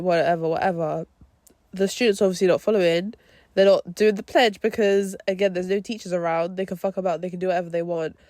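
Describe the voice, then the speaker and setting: A young woman hosting a podcast, reviewing a film in a casual, animated way full of slang and swearing. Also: lowish voice, no echo. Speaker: podcast host.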